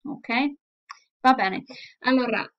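Woman teacher, patient and explanatory, slightly high pitch, muffled low-fidelity recording. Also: slow. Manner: patient, explanatory, often checks in with "okay?". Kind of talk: recorded online language lesson.

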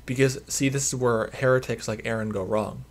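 A man's voice: mid-range voice, steady tone, brisk. Emphatic male religious commentator. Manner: emphatic and repetitive, hammering points. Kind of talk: preachy commentary monologue.

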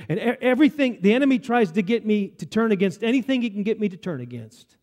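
A man with a high-pitched voice preaches an earnest sermon as pastor. He slows down deliberately whenever he reads scripture aloud. His voice rings out with the long reverb of a church hall. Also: animated, darkish tone. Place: church sanctuary.

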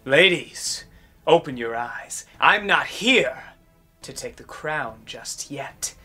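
A woman's voice: low voice, lively intonation, takes it slowly, sharp tone, slightly rough, faint music behind, full character voice. A woman playing a mocking, scheming villain who leads a gang of troublemakers in a teen series. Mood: taunting. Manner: taunting, mocking. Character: scheming villain leader of the Bunglers. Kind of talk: teen web series acting.

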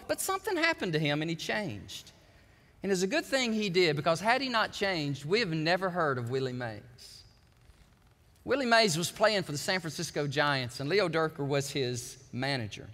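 Man preaching a sermon, high lively voice, bright ringing tone, long church reverb, animated storyteller. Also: normal speed. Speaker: pastor. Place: large church sanctuary.

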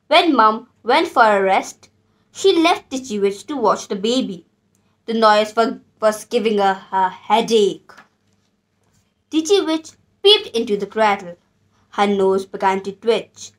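Woman storyteller for kids; slow, gentle read-aloud, slightly high voice. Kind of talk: children's storybook reading.

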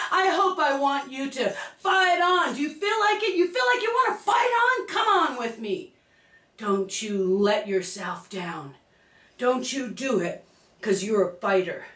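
High-voiced woman shouting pep talk. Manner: emphatic, repetitive, bursts into shouting. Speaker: motivational speaker. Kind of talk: motivational pep talk to camera. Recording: echoey room, distant mic.

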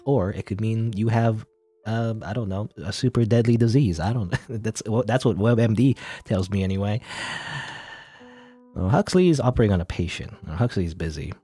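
A man's voice: fairly low pitch, normal speed, dark tone, husky, soft background music. A man casually commentating a game he is playing, rambling and joking with many fillers. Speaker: let's play gamer.

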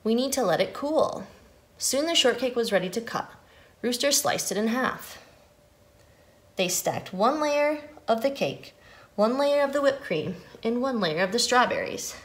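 Animated woman reading a children's story. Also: fairly high pitch, measured pace, reverberant. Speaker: nutrition educator. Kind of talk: reading a picture book aloud to children.

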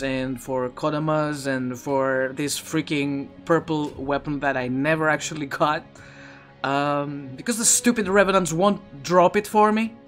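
A man streaming a video game live, chatting in a loose, rambling way and often restarting his sentences. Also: fairly high pitch. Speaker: Twitch streamer. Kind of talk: live gameplay commentary. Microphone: his own streaming microphone.

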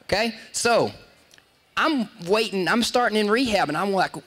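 A man's voice: sits high, animated, measured pace, fairly bright tone. A man from Texas, hosting a show and telling stories in a rambling way, often breaking off mid-sentence and laughing at his own stories. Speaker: show host. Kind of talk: casual storytelling.

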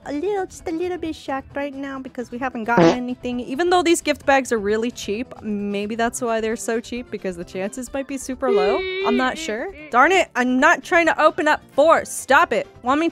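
An excitable woman chatting through a video game session, her voice sitting a little high. She gasps and turns playfully dramatic as she goes, with faint music playing underneath. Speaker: gaming YouTuber. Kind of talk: casual gameplay commentary.

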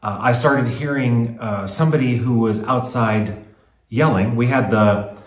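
A man co-hosting a casual home vlog, recounting events in steady detail. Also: mid-range voice, a little slow. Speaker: co-host, chateau owner. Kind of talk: casual chat. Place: home in a French chateau. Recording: roomy echo.

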